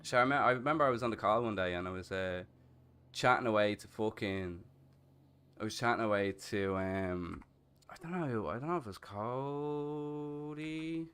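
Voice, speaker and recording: A man in his thirties with an Irish accent, chatting casually and crudely while streaming a game, swearing often and breaking into loud laughs. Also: medium pitch, normal speed, clean tone. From Ireland. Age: 30s. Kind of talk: casual chat while gaming.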